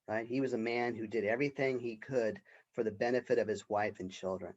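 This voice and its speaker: A man's voice: fairly low pitch, steady tone, brisk, hardly any pauses, muffled recording. A man lecturing on a play as a college professor, talking off the cuff with fillers and frequent "right?", and reading quoted lines with some expression. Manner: unscripted, with fillers and rhetorical "right?".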